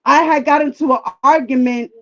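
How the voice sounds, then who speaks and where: A woman with a high voice tells a personal story in a loose, candid way, swearing freely and acting out the lines of the people in it. Her voice comes through slightly muffled, like audio from a live stream. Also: steady tone, brisk. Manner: candid and profane, acting out quoted dialogue. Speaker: livestream guest. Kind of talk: casual storytelling.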